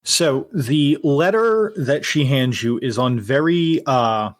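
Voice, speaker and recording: A man narrating a tabletop game as game master, halting with many fillers and restarts. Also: mid-range voice, expressive, dry recording, clean studio sound.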